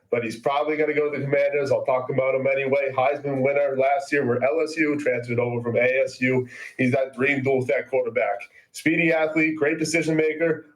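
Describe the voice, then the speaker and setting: A man's voice: mid-range voice, close to an everyday voice, rough recording. A man putting on an exaggerated fake Boston accent, playing a swaggering New England sports fan giving a draft pick breakdown. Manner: loud hammy swagger, catchphrases. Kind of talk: mock draft analysis bit.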